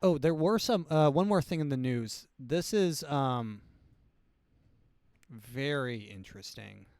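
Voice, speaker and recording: A man's voice: mid-range voice, expressive, takes it slowly, darkish tone, clean tone, no echo, clean studio sound. A man hosting his comedy show, talking in a loose, profane, rambling monologue. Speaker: comedy podcast host.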